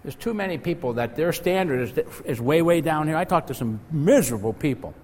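A man's voice: on the high side, animated, a little fast, darkish tone. A male pastor preaching an earnest sermon and telling stories. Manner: earnest preaching, storytelling with acted quotes. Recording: echoey hall, faint noise.

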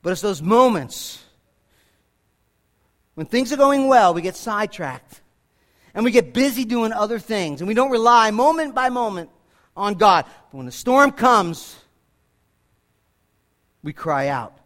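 A man's voice: high voice, expressive, unhurried, pauses often, fairly bright tone. A man preaching a sermon, repeating himself and restarting phrases, lifting his voice when he quotes scripture. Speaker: pastor.

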